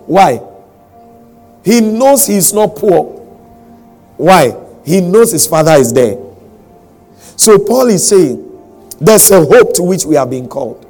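A man's voice: high-pitched, sing-song, slow, long pauses, darkish tone, faint music behind. A man, preaching a sermon as a pastor, emphatic and repeating key lines for weight.

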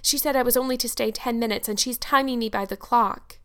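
Lady playing a sweet loyal little girl, earnest, teary, kinda high, storybook style. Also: steady tone, brisk, fairly bright tone, smooth. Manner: earnest and tearful. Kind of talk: audiobook character voice.

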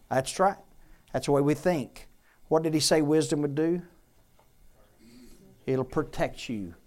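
A woman teaching a Bible class to a room of listeners, lively and joking as she quizzes them. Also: low voice. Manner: lively, jokey, quizzes the audience.

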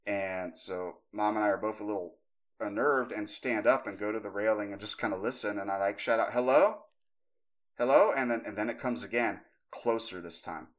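Man, thirties, low voice, podcast co-host, rambling storytelling, many fillers and restarts, acts out voices. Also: fairly even intonation, brisk, fairly bright tone.

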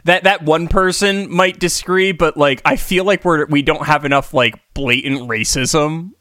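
Man, podcast co-host, casual chat, halting, smooth bright voice. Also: a little high, no room sound, studio quality. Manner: halting, stammers on restarts.

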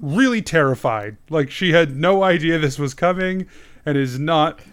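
A man's voice: a little high, animated, normal speed, clean tone. A man running a tabletop game as game master, narrating in a loose, chatty way with many fillers and frequent laughs.

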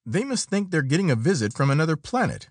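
Guy doing a young geologist, excitable, voice pitched up and jumping around, dry close sound. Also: fast, slightly rough, no echo. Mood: urgent. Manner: urgent exclamations. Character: young male geologist, eager and alarmed.

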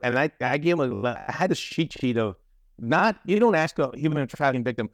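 A man's voice: medium pitch, expressive, a little fast, no echo, studio quality. Emphatic man telling stories in an interview. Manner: emphatic storyteller, repeats words and restarts. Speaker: guest, former trafficking investigator. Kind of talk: interview conversation.

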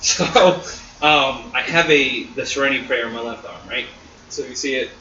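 A man's voice: medium pitch, steady tone, moderate pace, sharp tone, slight background noise. A young man telling a rambling, laughing story in casual chat, swearing freely. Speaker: podcast guest. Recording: roomy, distant, dull mic with crowd.

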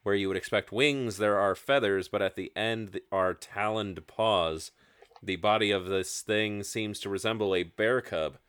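A man with a lowish voice narrates a tabletop game as its host and game master. He talks in a relaxed way, pausing on fillers, and the sound is dry and close. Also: clear, resonant tone, dry recording. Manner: relaxed, with frequent filler hesitations.

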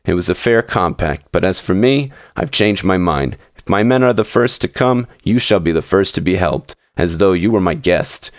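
A proud, forceful nobleman, voiced by a man reading a story aloud, speaking higher and harder than the man's own deep tone. The recording is close and dry. He sounds haughty and determined. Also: animated, normal speed, few pauses, dry recording. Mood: earnest. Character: proud, fierce landowner nobleman trapped in his forest. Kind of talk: dramatic short story reading.

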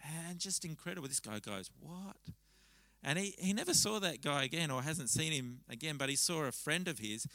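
A man delivers a sermon to a church congregation in a bright, forceful voice. He speaks conversationally and tells stories with animated restarts. The sound is dry and close. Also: on the high side, brisk, hardly any pauses, dry recording, poor audio. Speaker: pastor. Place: church service.

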